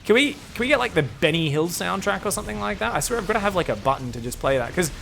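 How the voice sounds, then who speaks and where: A man's voice: high voice, animated, fast, vocal fry, fairly bright tone, a little hiss or hum. A man streaming game commentary, rambling, joking and swearing freely.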